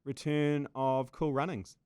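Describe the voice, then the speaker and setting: A man's voice: medium pitch, flat delivery, measured pace, warm tone, clear, resonant tone, no echo, clean studio sound. A man with a New Zealand accent co-hosting a casual podcast, trading crude jokes and laughing often. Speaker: podcast co-host.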